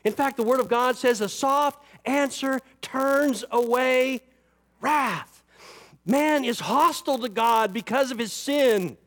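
A man with a fairly high voice delivers a sermon from the pulpit. He drops into easy asides, then lifts his voice and slows down to drive a point home. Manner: rises and falls for emphasis, slows on scripture; conversational asides with "you know" and "right". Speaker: pastor.

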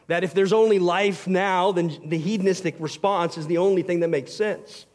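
A man preaching a sermon as pastor, earnest and emphatic, swinging between loud passages and quiet ones. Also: high-pitched, steady tone, normal speed.

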